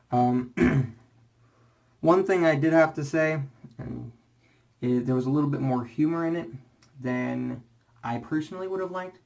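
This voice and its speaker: A man's voice: medium pitch, a little mellow. A young man rambling casually in a shaving vlog, full of fillers and restarts, slightly out of breath. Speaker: shaving vlogger.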